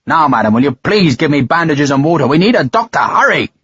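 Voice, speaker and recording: A man's voice: on the high side, very animated, a little fast, a bit bright, slightly rough, dry recording, highs cut off, full character voice. A male narrator voicing a stern British officer who barks urgent orders.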